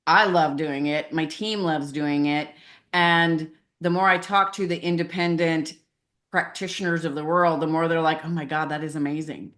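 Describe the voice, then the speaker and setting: A woman's voice: deep voice, unhurried. A middle-aged woman, a podcast guest, talking candidly and animatedly about her business, acting out the voices in her stories. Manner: candid, animated storyteller who acts out voices in quotes. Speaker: podcast guest, marketing consultant. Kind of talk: casual interview chat.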